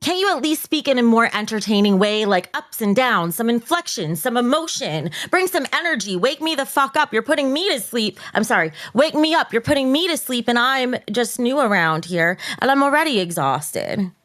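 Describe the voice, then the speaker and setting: A woman's voice: on the high side, lively intonation, normal speed, hardly any pauses, fairly bright tone, no echo. A woman co-hosting a live stream, teasing and insulting her co-host with sarcasm. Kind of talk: mock-feud banter on a live stream.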